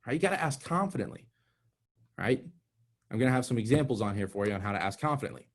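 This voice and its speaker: A young man giving an energetic, direct sales training talk, calling his audience "guys". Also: mid-range voice, quick pace.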